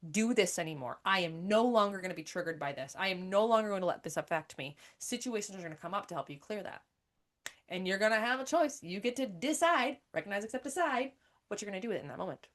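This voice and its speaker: Woman, mid-pitched voice, candid monologue, emphatic and swearing. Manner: blunt and profane, emphatic. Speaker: podcast host and coach.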